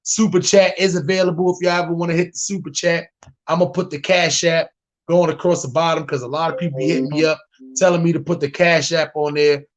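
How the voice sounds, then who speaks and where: A man from New York hosting a live stream reaction, talking in a laid-back way and repeating "man". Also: fairly high pitch. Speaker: host.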